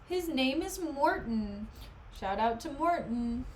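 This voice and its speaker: A woman's voice: high voice, lively intonation, slow pace, slight background noise. A woman streamer chatting casually and jokingly as she reads a play aloud, often wandering off topic. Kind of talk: casual chat while reading a play aloud.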